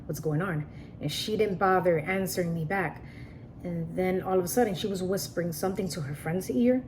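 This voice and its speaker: A woman's voice: lowish voice, a little fast, a little mellow, slight background noise. Earnest woman retelling a personal story. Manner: repetitive, earnest, frequent restarts and "like".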